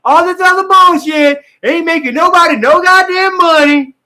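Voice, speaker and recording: A man impersonating a bossy, foul-mouthed older man who shouts and swears and talks about money. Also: extremely high pitch, normal speed, pitched above the performer's own voice, full character voice. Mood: angry. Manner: shouting, swearing, hot-tempered.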